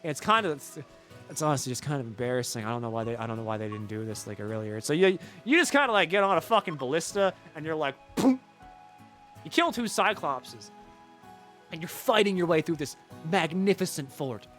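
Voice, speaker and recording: A young man streaming a game, retelling its story with animated, sarcastic and profane commentary. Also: fairly high pitch, a little fast, soft background music. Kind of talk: casual gameplay commentary.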